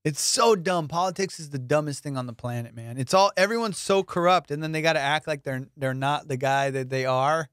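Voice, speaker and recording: A man's voice: fairly high pitch, brisk, hardly any pauses, fairly bright tone, clear, resonant tone, no room sound, clean studio sound. A man hosting a podcast, chatting casually and telling stories full of swearing and laughter. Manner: profane, storytelling, laughs often. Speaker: podcast host. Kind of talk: casual chat.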